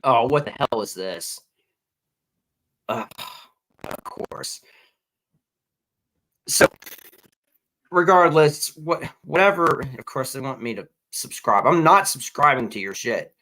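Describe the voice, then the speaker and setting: A man's voice: mid-range voice, very animated, slow pace, long pauses, sharp tone, low-quality recording. A man co-hosting a casual commentary show, ranting in an exasperated, profane way with many restarts. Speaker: podcast co-host.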